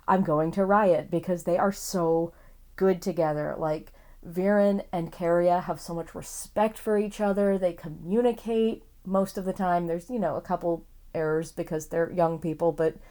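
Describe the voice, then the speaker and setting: A woman talks excitedly about a favourite book series in a loose, rambling vlog review. Her voice is warm and mellow, and she often stops to gush over the characters. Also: mid-range voice. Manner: gushing, enthusiastic, rambling, swears casually.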